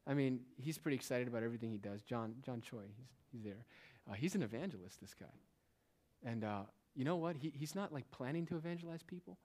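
Male pastor, mid-pitched, preaching; dynamic swings from hushed to loud emphasis. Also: expressive, fast. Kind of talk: sermon. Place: church.

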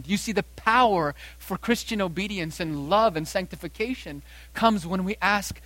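A pastor preaches a sermon from the pulpit in an expressive voice that sits a little high for a man. He hammers points home by repeating phrases and rises to loud stresses, then slows right down on quoted verses. The sound is dry and close, with no room echo.

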